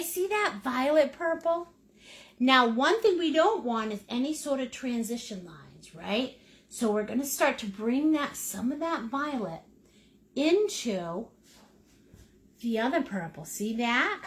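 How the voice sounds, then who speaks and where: A woman's voice: sits high, a bit bright. A woman teaching a live-streamed painting class, joking with viewers, reading out their comments and coaxing them through each step. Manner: encouraging, coaxing step-by-step instructions. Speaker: painting instructor.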